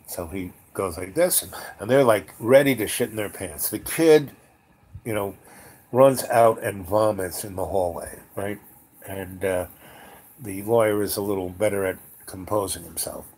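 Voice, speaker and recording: A man casually telling a rambling anecdote with animated restarts. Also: fairly low pitch, a little slow, slightly rough. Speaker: storyteller.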